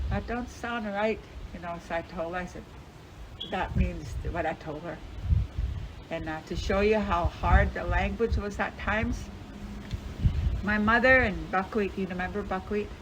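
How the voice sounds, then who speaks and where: An older woman from Fort Belknap, Montana, an elder being interviewed, recalling family stories in a rambling way and acting out remembered dialogue. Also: fairly low pitch. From Fort Belknap, Montana, USA. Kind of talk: casual storytelling recollection. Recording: lo-fi with loud background noise.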